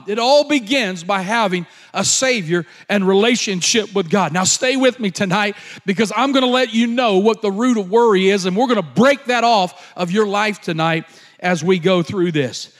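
A man delivering a sermon in a notably high voice. He speaks slowly and emphatically, repeating his key lines and pausing on fillers as he teaches. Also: a bit bright. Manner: emphatic repetition, slow deliberate delivery with fillers. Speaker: preacher.

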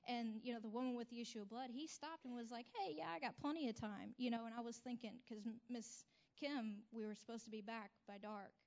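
A woman's voice: a little high, brisk, hardly any pauses, a little mellow, lo-fi sound. A young woman telling a group about her mission trip in an emotional, chatty testimony full of "like" and "you know". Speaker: returned mission intern sharing testimony. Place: speaking before a group.

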